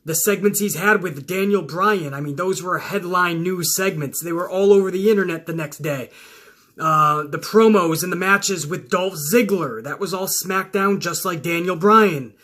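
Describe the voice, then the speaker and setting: A man hosting a wrestling talk video, ranting casually and swearing, often rising into yelling. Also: sits high, normal speed. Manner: loud, swearing, flares into yelling. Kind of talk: profane casual rant to camera.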